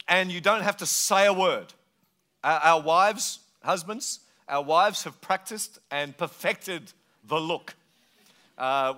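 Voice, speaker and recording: Middle-aged man, pastor, animated storytelling sermon, bright voice. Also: high-pitched.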